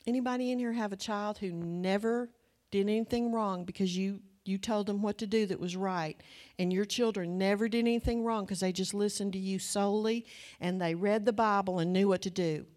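A woman's voice: mid-range voice, steady tone, brisk, a little mellow. Chatty woman in her sixties preaching. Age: 60s. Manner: chatty, asks the audience questions. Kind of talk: conversational sermon.

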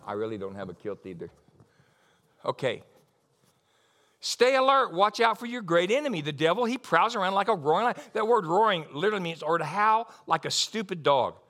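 A man preaching a sermon in an emphatic, lively way, repeating key lines and adding asides. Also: a little high, a little fast. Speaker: pastor.

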